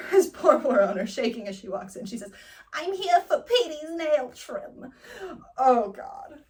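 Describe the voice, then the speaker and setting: A young woman from Northern California tells a comic story from her own life with lively energy. She laughs often and slips into the voices of the people in it. Her voice sits fairly high, and the mic is set a little away from her. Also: recorded from a distance. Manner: animated, laughing often, acting out quotes. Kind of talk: personal storytelling, class assignment.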